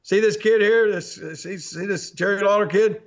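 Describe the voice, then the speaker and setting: Brash older wrestling star, teasing and swaggering, voice pushed loud and high , as a man quotes him. Dull lo-fi podcast sound. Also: fairly even intonation, moderate pace.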